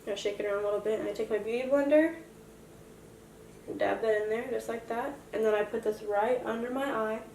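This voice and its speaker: A woman's voice: fairly high pitch, steady tone, brisk, vocal fry, recorded from a distance, background noise. A young woman in a casual makeup tutorial, chatty and self-joking as she explains each step. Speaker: makeup vlogger. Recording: roomy echo, voice from afar.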